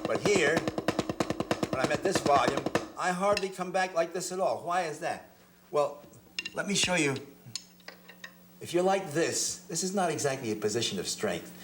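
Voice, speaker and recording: A man's voice: on the high side, animated, normal speed, long pauses, reverberant, noisy background. Man teaching drum strokes step by step. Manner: explains step by step, repeats words often. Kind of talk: hands-on instructional demonstration. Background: drum hits between phrases.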